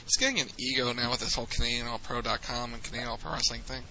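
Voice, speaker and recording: A man's voice: mid-range voice, very fast, bright, forceful tone. A man co-hosting a podcast in casual, joking banter. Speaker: podcast co-host. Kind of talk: casual chat. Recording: dull lo-fi with faint ambience.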